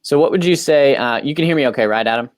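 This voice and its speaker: Upbeat host with a dry, close sound. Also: male voice, mid-range voice, quick pace, dry recording. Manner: upbeat, filler-heavy, loose. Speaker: podcast host. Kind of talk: casual business talk.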